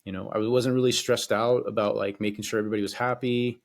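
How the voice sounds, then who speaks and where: Speaking quickly in a fairly low, steady voice, a man hosts a podcast on his own. He rambles casually, swears freely and hesitates often.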